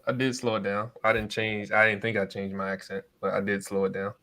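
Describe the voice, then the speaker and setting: A man co-hosting a casual podcast chat, speaking in a relaxed way with frequent hesitations; English is not his first language. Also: on the low side. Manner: relaxed, speaks slowly and evenly, many "uh" fillers. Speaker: co-host, real estate investor.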